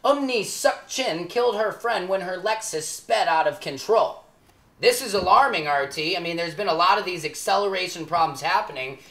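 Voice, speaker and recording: A woman's voice: lowish voice, animated, normal speed, fairly bright tone, echoey room. A woman hosting a comedy news spoof, reading stories in a mock-serious anchor manner. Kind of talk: deadpan mock newscast.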